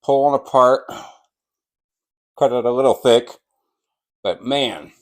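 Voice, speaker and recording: A man hosting a barbecue vlog, slicing and tasting brisket, enthusiastic and sometimes talking with his mouth full. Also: medium pitch. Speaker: barbecue channel host. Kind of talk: casual cooking vlog while slicing and tasting.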